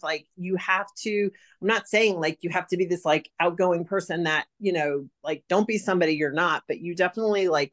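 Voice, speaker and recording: Chatty woman with a lowish voice. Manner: chatty, heavy use of "like" and "um". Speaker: direct sales consultant. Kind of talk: casual sales advice talk.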